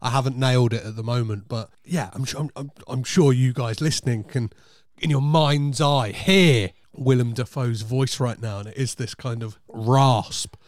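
A man's voice: mid-range voice, normal speed, no echo. Enthusiastic man co-hosting a podcast, dry sound. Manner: enthusiastic, rambling with restarts. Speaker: podcast co-host. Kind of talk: casual film podcast chat.

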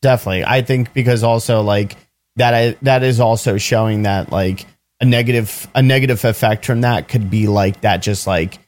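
A man's voice: lowish voice, steady tone, moderate pace. A man co-hosting a podcast in casual chat, hesitant and full of "like" fillers. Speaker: podcast co-host.

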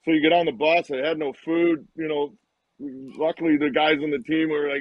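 A man in his fifties tells animated stories as a guest on a live talk show, slipping into the voices of the people in them. His voice sits a little high for a man. The audio is dry and dull, with no room sound at all. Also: brisk, no room sound. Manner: animated anecdotes, acts out quoted lines. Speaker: guest, retired hockey player. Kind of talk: casual storytelling on a live show.

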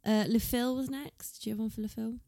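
A woman's voice: on the high side, fairly even intonation, a little fast, vocal fry, mellow, dry recording, studio quality. A woman co-hosting a podcast, chatting casually through a recap and reading quotes from her notes. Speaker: podcast co-host.

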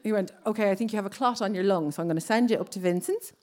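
A woman's voice: mid-range voice, rapid-fire, mellow. A woman in her thirties with an Irish accent, telling a personal story on stage and acting out other people's lines. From Ireland.

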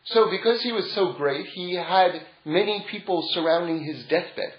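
A man's voice: high-pitched, moderate pace. A man giving an informal religious lecture as a Torah teacher, telling stories in a rambling way and chuckling often. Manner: digressive storytelling with frequent chuckles. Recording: roomy, dull lo-fi sound.

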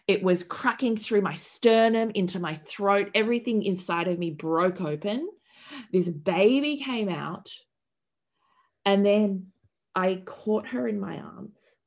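Casting: woman, 30s, podcast guest, gravelly edge, dramatic candid storyteller. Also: mid-range voice, slow, a little mellow. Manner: vivid, dramatic retelling with profanity and acted quotes.

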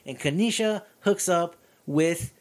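A man's voice: on the high side, slow pace. A man hosting a casual chat, animatedly recapping a movie's scenes with laughter.

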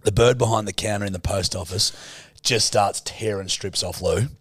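A man's voice: lowish voice, moderate pace, no room sound, clean studio sound. A young man co-hosting a podcast, telling a story in casual banter and swearing freely. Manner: swears a lot, animated storytelling. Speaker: podcast co-host.

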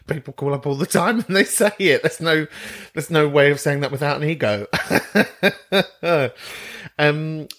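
A man's voice: medium pitch, fairly bright tone. A man hosting a podcast, talking candidly and a little self-mockingly in a casual chat. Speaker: podcast host.

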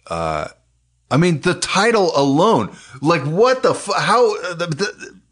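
A man's voice: on the high side, big pitch swings, slow pace. A man who works as an animation producer, chatting casually as a podcast co-host, swearing often and rambling with many restarts. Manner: profane, enthusiastic, rambling with restarts. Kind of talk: casual chat.

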